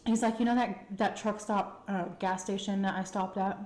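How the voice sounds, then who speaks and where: A woman with a Texan accent telling a candid, chatty personal story to her viewers, full of fillers and animated retellings. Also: mid-range voice, normal speed, roomy sound, a little hiss or hum. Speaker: food vlogger telling a story. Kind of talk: casual storytime chat.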